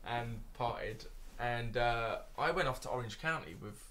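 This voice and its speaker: A man, a dating coach telling animated stories in a casual podcast chat. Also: medium pitch, normal speed, a little hiss or hum. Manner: animated anecdotes with acted-out quotes.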